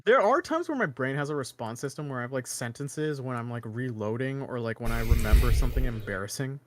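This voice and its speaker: A man from Canada co-hosting a podcast, talking in a rambling, animated way with many restarts. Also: mid-range voice, fast talker, faint music behind. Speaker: podcast co-host. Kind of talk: casual chat.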